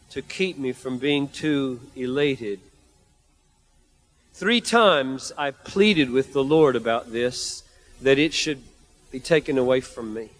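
A man preaching a sermon, reading scripture and building to emphatic, repeated outbursts. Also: medium pitch. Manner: emphatic, repetitive, rising to fervent outbursts.

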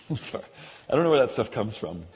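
A man preaching a sermon, animated and joking, who often drops into quieter asides between scripture readings. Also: mid-range voice, a little fast, slight background noise. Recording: long echoey hall reverb.

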